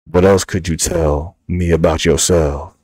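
Deep, sultry male crooner in close-mic flirt mode, put on by a man. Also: slow, a little mellow, slightly rough, heavily acted. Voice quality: deep, mouth right on the mic. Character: sultry deep-voiced male seducer, smooth.

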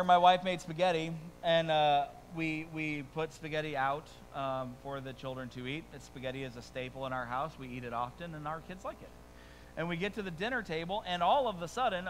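Man, pastor, sermon, bright forceful voice, somewhat high, chatty and humorous. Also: big-room sound, slight background noise, low-quality recording. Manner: conversational, humorous storytelling with frequent rhetorical asides.

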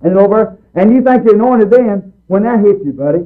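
A man's voice: high-pitched, lively intonation, fairly quick. A man preaching a fervent sermon in a folksy, emphatic way, repeating his points over and over. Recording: tinny phone-like recording.

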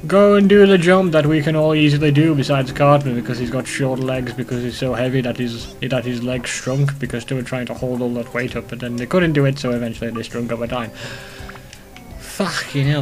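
A young man giving rambling, profane commentary while playing a video game, excitable and talking to himself. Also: medium pitch, normal speed, over music. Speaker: let's play host. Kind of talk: casual gameplay commentary.

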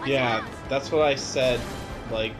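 Slow-paced with a steady tone and a mid-range voice, a man plays a video game over its music. His casual let's-play commentary is exasperated, heavy on swearing, with frustrated yelps.

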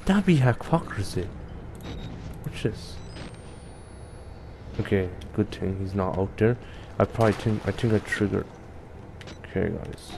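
A man's voice: on the low side, animated, a little slow, vocal fry, pauses often, background noise. Jumpy young man doing horror game commentary. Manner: jumpy, swears a lot, talks to viewers. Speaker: gaming youtuber. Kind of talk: let's play commentary.

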